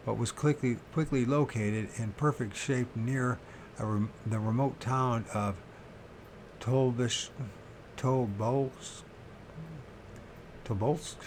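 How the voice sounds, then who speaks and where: Male amateur reader, unhurried and halting, frequent self-corrections, faint background noise. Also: medium pitch, steady tone. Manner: slow halting reading with restarts and self-corrections; pauses to question his own pronunciation. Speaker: reader of a paranormal book. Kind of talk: unscripted reading aloud.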